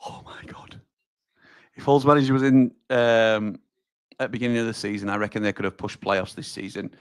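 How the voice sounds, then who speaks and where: A man hosts a live football watch-along in a lowish voice. He chats with viewers, calls them pal and mate, and yelps at near misses. The sound is dry and close to the mic. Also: steady tone, a little fast, clean tone, no room sound. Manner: chatty, reacts loudly to chances, addresses viewers as pal and mate.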